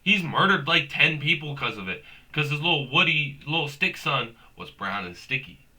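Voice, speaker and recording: Pushed, bright and a little high, a young man's voice moves at a moderate pace with big swings in pitch. He's the host of a comedic rant that's rambling, profane and slangy, peppered with "bro."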